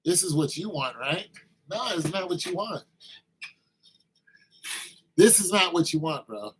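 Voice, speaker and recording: A man's voice: on the high side, animated, measured pace, husky, low-quality recording. A man vlogging a rambling, teasing comic monologue that turns to preachy advice.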